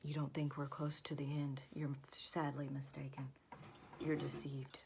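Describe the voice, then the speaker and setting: A woman's voice: sits low, level tone, measured pace, gravelly, background noise. A woman vlogger in her thirties or forties, earnestly delivering a religious warning, often half-whispering.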